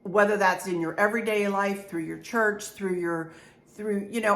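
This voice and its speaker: A middle-aged woman, chatting in a rambling, encouraging way as a home decor vlogger. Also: mid-range voice. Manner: warm, rambling, encouraging, with many restarts. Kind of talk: chatty haul vlog.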